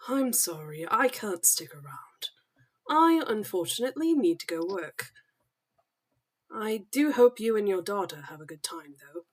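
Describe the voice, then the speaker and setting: A woman voicing an edgy, aloof young man in mourning, speaking low, curt and half-whispered as she reads her story. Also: measured pace. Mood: cold, curt. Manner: curt, flat and withdrawn.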